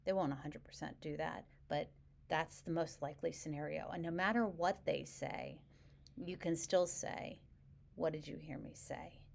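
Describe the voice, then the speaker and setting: A middle-aged woman talks straight to camera as a couples coach, calm and even in her delivery. Her voice sits a little low, and she slips into short example lines to show how a partner might sound. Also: vocal fry. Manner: calm, measured, explains with acted example phrases. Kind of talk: direct-to-camera advice video.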